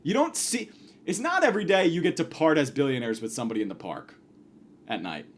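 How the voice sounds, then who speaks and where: A man rambles through a crude comic story, restarting sentences and piling on swear words. His pitch swings widely as he acts out the people in it. He lets himself get loud when he quotes his own outbursts. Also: very animated, fairly quick. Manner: rambling, profane, self-mocking, acts out shouted quotes. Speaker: podcast host. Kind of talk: casual comedic storytelling monologue.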